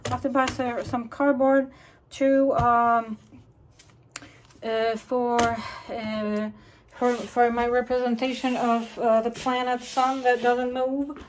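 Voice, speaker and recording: A woman vlogger talking on in a loose, wandering monologue, her voice sitting a little high. She stops and restarts often, repeats her phrases, and lifts into a higher voice when she acts out what she said. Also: little pitch movement, slow pace, a little hiss or hum, poor audio. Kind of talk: rambling casual monologue.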